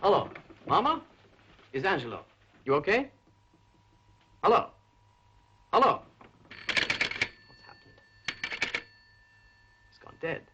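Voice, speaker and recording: A jittery crook. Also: male voice, on the high side, wildly swooping pitch, a little slow, long pauses, sharp tone, slightly rough, exaggerated voice. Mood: anxious. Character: tense Italian crook on the run. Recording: dull old film soundtrack.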